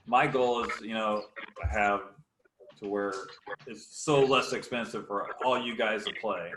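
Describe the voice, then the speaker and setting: A man's voice: lowish voice, measured pace. A man hosting a casual podcast chat, telling stories and laughing often. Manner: laughs often, relaxed storyteller. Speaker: podcast host. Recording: echoey room with clear noise.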